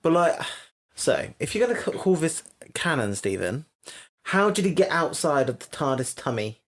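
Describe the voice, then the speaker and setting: A man's voice: on the high side, sing-song, normal speed. A man co-hosting a podcast, chatting casually in a blunt, teasing and playfully stubborn way. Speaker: podcast co-host. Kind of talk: casual chat.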